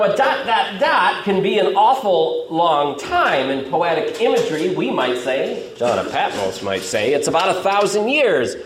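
A man preaching a sermon as a pastor, explaining scripture in a conversational teaching manner. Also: mid-range voice. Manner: conversational teaching, lively rising and falling delivery. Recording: echoey room, faint noise.

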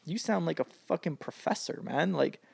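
Gravelly-voiced man telling stories. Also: fairly high pitch, normal speed, dry recording. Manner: animated storyteller, swears freely. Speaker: podcast co-host. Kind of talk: casual chat.

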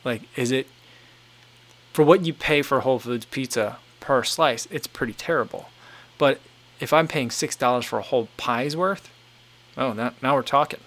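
This livestream host reads his chat aloud and responds as he thinks, rambling and leaning heavily on filler words. His voice sits in the mid range with a fairly bright tone, and he talks at a moderate pace.

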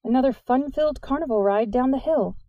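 A woman's voice: high-pitched, a little fast, dry recording, narrow, tinny audio, voice pushed up, close to an everyday voice. A woman voicing an awkward teenage girl.

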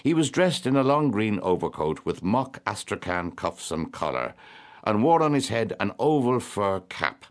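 A man narrating classic fiction as an audiobook, in an expressive, measured storytelling manner. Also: lowish voice.

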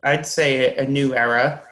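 A man's voice: medium pitch, fairly even intonation, a little slow, a bit bright, rough recording. A man hosting a podcast, talking casually and hesitantly with many fillers. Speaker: podcast host.

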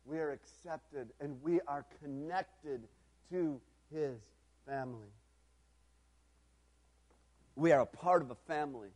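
High-voiced man preaching a story sermon. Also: slow pace, pauses often. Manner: builds from quiet reflection to loud emphatic preaching.

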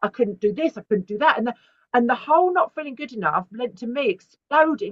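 A middle-aged woman, an artist appearing as an interview guest, tells stories frankly and animatedly, letting the odd swear word slip in a candid conversation. Her voice is a little high, expressive, and a little fast. The recording is dry, dull, and lo-fi.

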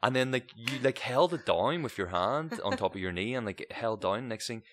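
A young man, co-hosting a podcast and telling a story in casual, animated chat, swearing freely and leaping up in pitch when he quotes people. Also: normal speed. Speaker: podcast co-host.

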